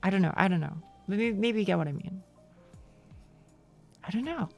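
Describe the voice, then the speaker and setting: A young woman streamer giving casual, rambling commentary, halting and swearing freely. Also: mid-range voice, lively intonation, vocal fry, soft background music.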